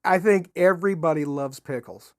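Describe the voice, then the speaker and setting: A podcast co-host in casual chat, playful and quick to laugh while bringing up odd foods. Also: medium pitch, no echo, studio quality.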